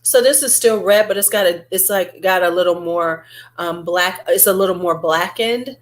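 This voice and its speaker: A woman vlogger in casual, chatty beauty-review talk, rambling with fillers and asides. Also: on the low side. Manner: chatty and animated, drawn-out fillers.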